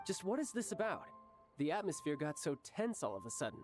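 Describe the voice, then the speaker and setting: Polite formal young game dude, bit high voice, music under him. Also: male voice, sing-song, brisk. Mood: cool.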